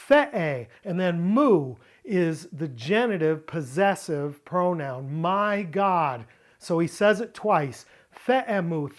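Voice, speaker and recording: A man teaching a Bible word-study lesson, explaining Greek grammar slowly and deliberately, often repeating phrases. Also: high-pitched. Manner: slow, deliberate explaining with repetitions.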